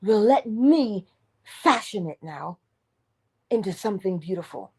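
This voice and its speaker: Slow, mellow-voiced woman preaching. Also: medium pitch, animated, slightly rough. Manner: emphatic, preacherly, drops to whispers. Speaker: motivational speaker. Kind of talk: inspirational morning talk.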